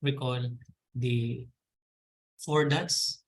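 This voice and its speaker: A man's voice: medium pitch, steady tone, very slow, low-quality recording. A man with a Filipino accent answering webinar questions about farmer training, polite and hesitant, calling the host ma'am. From Philippines. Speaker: agricultural extension officer.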